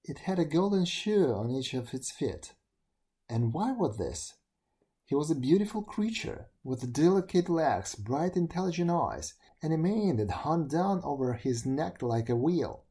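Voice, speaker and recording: Expressive fairy tale narrator, warm mellow tone, lively emphasis. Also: a little slow. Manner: expressive, shifting pitch for emphasis. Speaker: storyteller.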